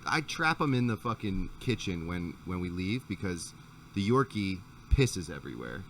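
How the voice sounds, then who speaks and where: Low-voiced man telling a profane story. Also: very animated, normal speed, creaky, fairly bright tone, distant mic, slight background noise. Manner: profane, rambling anecdote with restarts. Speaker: podcast host. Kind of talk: casual chat, storytelling.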